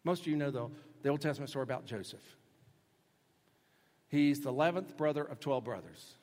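Man preaching in an echoing hall. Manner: conversational, shifts between loud emphasis and soft low asides. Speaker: pastor. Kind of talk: sermon. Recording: long reverb of a large hall.

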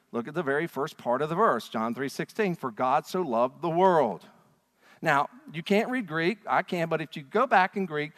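A male pastor preaching in a church with a high, very lively voice that leaps up and down. He presses his points hard and throws questions at the congregation. His words ring out with the long reverb of a large hall. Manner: emphatic, animated preaching with rhetorical questions to the congregation. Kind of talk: sermon. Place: church sanctuary.

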